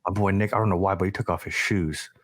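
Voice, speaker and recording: Low-voiced laid-back New man. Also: steady tone, fast talker. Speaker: podcast co-host. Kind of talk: casual chat.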